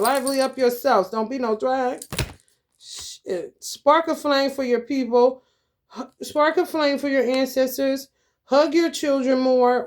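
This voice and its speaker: A woman tarot reader giving casual advice in a blunt, rambling, profane way, calling her listeners honey. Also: high voice.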